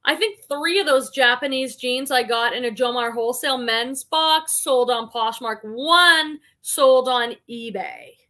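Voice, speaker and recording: A woman's voice: on the high side, bright, forceful tone. A woman hosting a casual live stream, reading viewer comments aloud and chatting about them. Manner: chatty, reads comments aloud then reacts.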